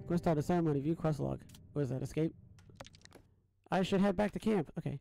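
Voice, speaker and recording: A man's voice: fairly high pitch, fast talker, vocal fry, warm tone, faint music behind. A young man casually commenting on a game stream, rambling and thinking aloud with lots of fillers and restarts, fretting about his audio settings. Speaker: gaming streamer.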